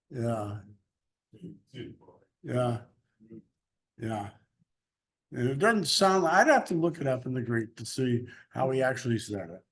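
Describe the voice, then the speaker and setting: Slow-talking man teaching Bible class. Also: medium pitch. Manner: chatty, laughs easily, loose restarts. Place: church classroom.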